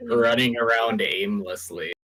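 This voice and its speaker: A man's voice: lowish voice, unhurried, a bit bright, rough recording. A man playing a tabletop game in casual chat, joking and thinking aloud about his moves. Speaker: player.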